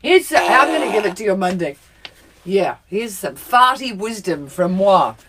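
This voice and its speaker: A woman's voice: mid-range voice, expressive, unhurried, fairly bright tone, a little hiss or hum. Chatty giggly New woman. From New Zealand. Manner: chatty, giggly, self-mocking. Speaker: co-host. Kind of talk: casual chat. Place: home.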